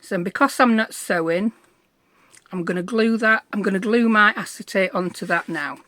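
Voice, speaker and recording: A woman's voice: mid-range voice, moderate pace, a bit bright, no room sound. A middle-aged woman, chatting through a crafting tutorial in a bubbly, self-deprecating way. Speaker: craft vlogger.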